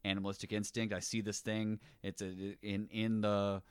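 A man's voice: lowish voice, little pitch movement, moderate pace, clean tone, dry recording. A man in casual, enthusiastic conversation about a film, rambling and restarting his sentences as ideas pile up.

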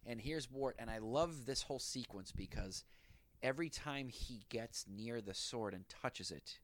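A man's voice: medium pitch, a little slow, dry recording. A man co-hosting a casual chat, eagerly retelling film scenes. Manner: enthusiastic storyteller, retells scenes. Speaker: podcast co-host.

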